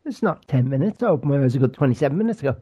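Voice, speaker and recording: A man's voice: mid-range voice, animated, racing, dark tone, husky. A man co-hosting a podcast, chatting casually with dry, joking banter. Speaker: podcast co-host. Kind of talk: casual chat. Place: rented flat abroad.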